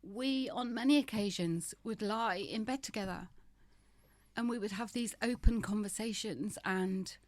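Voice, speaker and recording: On a dry recording, a medium-pitched, slightly slow voice comes from a fifties-aged woman being interviewed. She's candid, emphatic and wryly funny.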